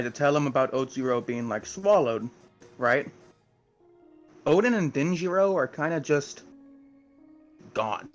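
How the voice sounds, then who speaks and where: A man's voice: a little high, a bit bright. A man co-hosting an anime podcast, chatting casually and rambling through a recap with many fillers. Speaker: podcast co-host. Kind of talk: casual chat.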